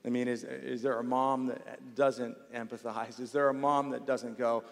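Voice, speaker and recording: A male pastor preaching a sermon in a church, emphatic and swinging between loud stresses and hushed passages, repeating words for weight. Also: mid-range voice, level tone, moderate pace, creaky, hardly any pauses. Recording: long hall reverb.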